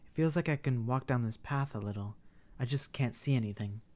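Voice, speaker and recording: A man's voice: medium pitch, brisk, a little mellow, lightly acted. Timid young woman, hesitant delivery, read by a male streamer. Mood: cautious.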